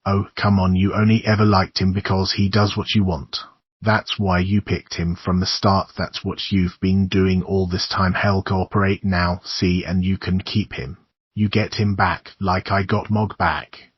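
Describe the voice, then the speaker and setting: A man reads a young woman with an otherworldly coldness, coaxing and eerily calm. The voice sits low and husky, his own, in a dry, dull recording. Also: measured pace, no room sound. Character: young woman, cold otherworldly sister, calculating.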